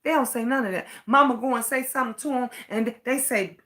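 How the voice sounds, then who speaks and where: A woman's voice: a little high, fast, fairly bright tone. A middle-aged woman hosting a livestream. She rants with passion, repeats her points and swears freely while reading out viewer comments. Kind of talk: impassioned livestream rant.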